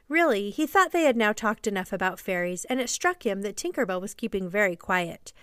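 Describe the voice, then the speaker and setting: Woman narrator, storybook reading, gentle even pace, smooth clear voice, dry close sound. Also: mid-range voice, fairly quick, few pauses, no echo. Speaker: podcast storyteller.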